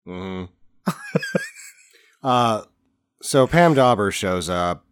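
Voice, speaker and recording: A man's voice: fairly low pitch, expressive, very slow, clear, resonant tone. A man co-hosting a casual movie review chat, wryly recapping scenes and jumping into mock voices. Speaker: podcast co-host.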